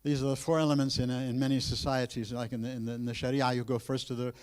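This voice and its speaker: A man giving a university lecture, animated and emphatic, with frequent restarts, addressing his students directly. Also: medium pitch, fast talker, clean tone.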